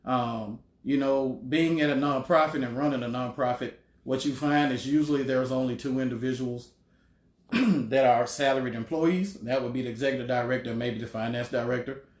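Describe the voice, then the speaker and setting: A middle-aged man talks in a measured, thoughtful way, filling pauses with "um". His pitch sits in an ordinary middle range. The room around him rings with echo. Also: fairly even intonation. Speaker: homeless shelter director, guest. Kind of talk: casual interview talk. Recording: roomy echo.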